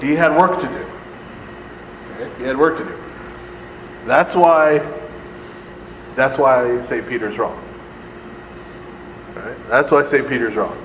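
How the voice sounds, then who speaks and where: A man's voice: fairly high pitch, fairly bright tone. A man leading a casual Bible study lecture for a live group, joking and acting out voices, and asking "right?" again and again. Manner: conversational, keeps asking "right?", jokes and acts out voices. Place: church hall or classroom with a live group. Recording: echoey hall with faint air-conditioning hum.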